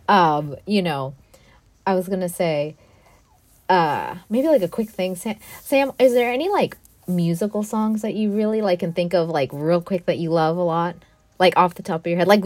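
A woman's voice: lowish voice, dry recording. Chatty, enthusiastic young woman, dry sound. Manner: chatty, enthusiastic, lots of fillers. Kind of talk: casual chat.

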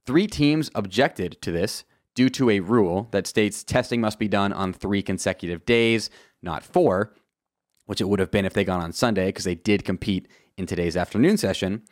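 A man's voice: fairly low pitch, dry recording, studio quality. A man hosting a podcast, giving casual commentary in a chatty, wry, self-assured way with lots of asides. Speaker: podcast host.

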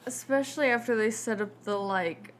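A woman's voice: fairly high pitch, normal speed. A woman co-hosting a casual podcast chat, talking loosely and filling her sentences with 'like'. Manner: chatty, heavy use of 'like', laughs often. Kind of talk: casual chat reviewing a film.

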